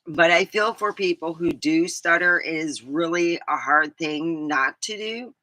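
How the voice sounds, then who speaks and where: A deep-voiced woman vlogger from California, her accent American with an English tinge, spins rambling casual stories peppered with laughs and ums. Her tone is sharp, and the audio has no room sound.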